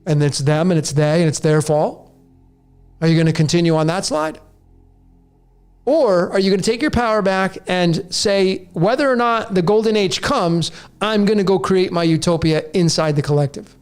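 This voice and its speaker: A man's voice: sits high, smooth. A man in his late forties hosting a podcast, delivering a raw, preachy rant straight to his listeners. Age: 40s. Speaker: podcast host. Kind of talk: monologue to listeners.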